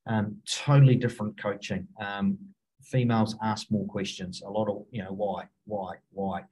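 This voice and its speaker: A middle-aged coach with a New Zealand accent talks casually in a lowish voice. He halts and restarts often as he thinks aloud. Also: fairly even intonation, mellow, slight background noise, poor audio. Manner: halting, many fillers and restarts. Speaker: rugby coach, guest. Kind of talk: casual interview talk.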